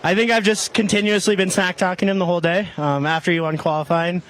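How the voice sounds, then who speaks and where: Laid-back male ski racer, soft-spoken. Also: sits high, level tone, fast, low-quality recording. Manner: laid-back, hesitant with ums. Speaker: ski racer being interviewed. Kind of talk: casual post-race interview.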